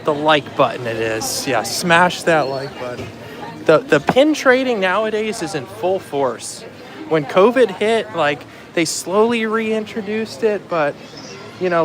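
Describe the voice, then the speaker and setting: A man's voice: a little high, lively intonation, a little slow, crowd noise. Chatty man streaming live from a theme park. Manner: chatty, greets viewers by name while walking. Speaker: livestream host. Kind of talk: casual live vlog chat.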